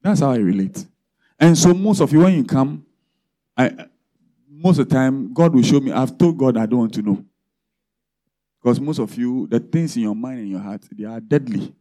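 A man's voice: mid-range voice, normal speed, dark tone. A man preaching a sermon as pastor, often checking in with the congregation through rhetorical questions.

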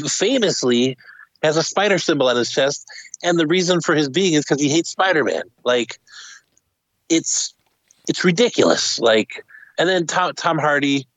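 A man co-hosting a casual podcast, an excitable self-described comic-book nerd giving animated opinions. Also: fairly high pitch, no echo, poor audio. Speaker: podcast co-host.

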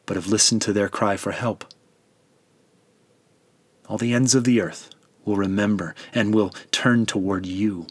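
A man narrating as God the Father in a solemn, measured and tender dramatic scripture reading. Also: on the low side, a bit bright, no echo.

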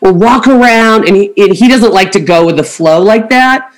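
A woman's voice: mid-range voice, expressive, brisk. Casting: middle-aged woman, podcast host, chatty storyteller who acts out every quote. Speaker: podcast host, travel agent. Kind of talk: casual chat.

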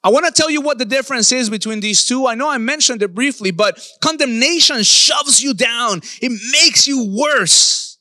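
Male pastor, high bright voice, emphatic sermon delivery, dry close sound. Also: normal speed, hardly any pauses, no echo. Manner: emphatic, stretches key words, bursts into shouts.

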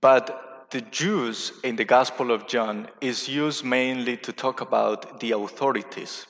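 A man, a Catholic priest, giving a sermon with slow, careful explanations, pausing and restarting as he goes. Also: medium pitch, steady tone, fairly bright tone, big-room sound.

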